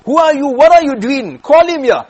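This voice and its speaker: A man voicing an angry, imperious adult king who fires off loud questions. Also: very high voice, big pitch swings, normal speed, lo-fi sound, pitched above the performer's own voice. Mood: furious. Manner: shouting, demanding questions.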